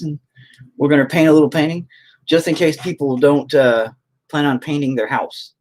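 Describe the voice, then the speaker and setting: A man's voice: fairly high pitch, expressive, normal speed, darkish tone. A young man hosting a painting stream, rambling and joking crudely while he paints and reads chat aloud. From United States. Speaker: painting livestream host.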